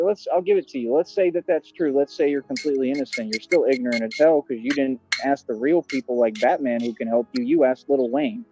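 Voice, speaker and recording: A man's voice: mid-range voice, mellow. A man ranting on a livestream in a boastful, aggressive, swaggering way. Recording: dull lo-fi stream audio.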